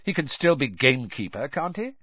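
A man's voice: mid-range voice, very animated, brisk, husky, no room sound, highs cut off, voice pushed up. A man voicing a cool, haughty teenage schoolgirl who speaks hard and dismissive.

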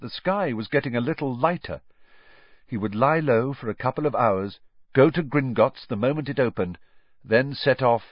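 A man narrating a story aloud in an expressive storytelling manner. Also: mid-range voice, normal speed, dry recording. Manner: expressive storytelling with lively rises and falls. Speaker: audiobook narrator. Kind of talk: scripted narration. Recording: dull, dry studio recording.

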